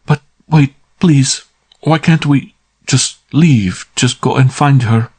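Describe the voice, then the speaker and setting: A woman's voice: a bass voice, slow pace, a little mellow, breathy edge, voice pushed up, heavily acted. A man reading an audiobook, voicing a frightened young woman who pleads and falters. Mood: pleading.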